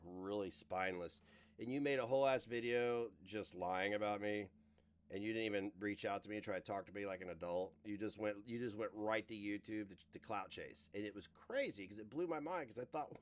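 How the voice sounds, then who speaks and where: A man livestreaming, ranting in casual, profane talk as he reacts to clips. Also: lowish voice.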